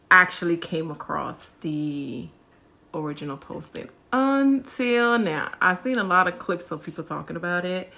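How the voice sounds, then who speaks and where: A woman's voice: lowish voice, pushed and bright. A woman talking in a chatty reaction vlog, speaking to her viewers as friends. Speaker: vlogger.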